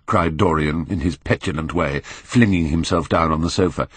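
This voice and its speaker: A man narrating a classic novel in a measured, expressive way. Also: very deep voice, slightly rough, no echo. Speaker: audiobook narrator.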